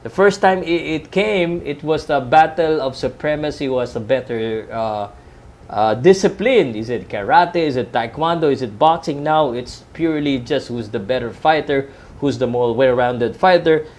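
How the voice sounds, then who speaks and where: Speaking at a moderate pace in a mid-range, slightly mellow voice, a Filipino man who commentates professionally chats loosely about boxing and MMA during a live stream. His fight-night talk is peppered with fillers and restarts.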